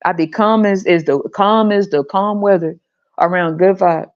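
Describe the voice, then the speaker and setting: A woman's voice: lowish voice, moderate pace. A woman hosting a podcast, ranting casually with profanity and frequent laughter, in a slightly dull recording. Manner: profane, animated, laughs often. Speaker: podcast host. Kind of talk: casual monologue rant.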